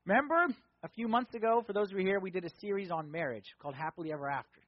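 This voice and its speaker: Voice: mid-range voice, racing, no echo. A pastor preaching a sermon with emphatic repetition and rhetorical questions, on a slightly dull, dry recording. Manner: emphatic, repeating key words, rhetorical questions.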